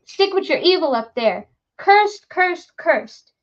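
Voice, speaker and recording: A woman's voice: a little high, steady tone, takes it slowly, creaky, distant mic, muffled recording. A woman voicing a hulking, drunk male woodcutter who roars and curses out of fear. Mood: roaring angry. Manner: roaring, cursing.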